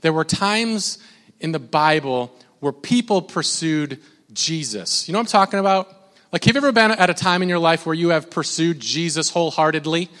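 A man's voice: fairly high pitch, normal speed. Man preaching in an echoing hall. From Minnesota. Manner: conversational, repeats words, mimics shouting. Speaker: pastor. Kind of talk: sermon. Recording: long hall reverb.

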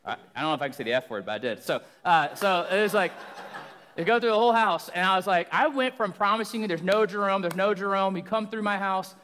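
Young man, guest preacher, loud, joking storyteller, highish voice, church hall with long reverb. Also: animated, fast talker, slight background noise. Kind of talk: sermon. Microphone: handheld or stage microphone.

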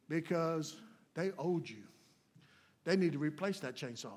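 A man preaching a sermon as a guest speaker, folksy and plainspoken, swinging between loud, emphatic points and hushed asides. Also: on the high side, lively intonation, measured pace, pauses often.

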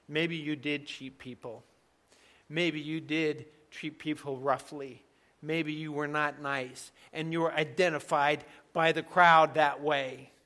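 Male pastor, slightly high, bright tone, emphatic conversational sermon delivery. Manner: emphatic, conversational preaching with sudden soft drops.

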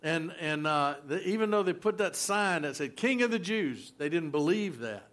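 A man preaching a sermon from the pulpit, fairly high-voiced. He talks to the congregation in a loose, conversational way, full of fillers and restarts. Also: lively intonation, moderate pace, fairly bright tone. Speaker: pastor.

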